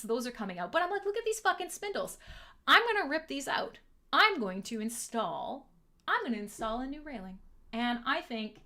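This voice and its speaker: Animated, bright-voiced woman streamer. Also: on the high side. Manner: profane, joking banter with chat; sarcastic, self-mocking. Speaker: livestream host. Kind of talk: casual livestream chat. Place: at home.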